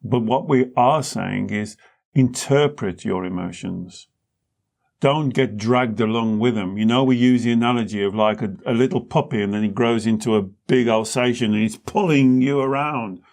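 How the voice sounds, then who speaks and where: Calm man teaching. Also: medium pitch, normal speed, gravelly. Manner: calm explaining, uses analogies. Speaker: therapist and host. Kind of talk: teaching talk.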